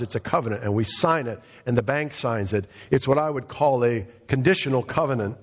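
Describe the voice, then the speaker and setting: A pastor preaching a sermon, emphatic and repetitive, calling out members of the congregation by name. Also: male voice, medium pitch, lively intonation, brisk, few pauses, husky, big-room sound, dull audio. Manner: emphatic, repeats phrases, addresses congregation by name.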